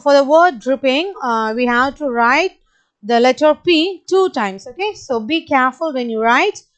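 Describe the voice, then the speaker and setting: A woman teaching children a spelling lesson in Indian English, slowly and patiently spelling out each word letter by letter and repeating it. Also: high voice, animated. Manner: slow, spells words letter by letter and repeats them; kind, patient, addresses kids directly. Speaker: primary school teacher.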